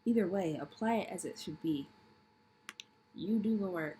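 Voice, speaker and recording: Woman tarot reader with a mellow, warm tone and faint background noise, talking casually and bluntly, swearing freely and repeating herself for emphasis. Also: lowish voice, normal speed, rough recording. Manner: blunt, profane tough-love preaching; repetitive, emphatic, rhetorical questions. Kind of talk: casual tarot reading monologue.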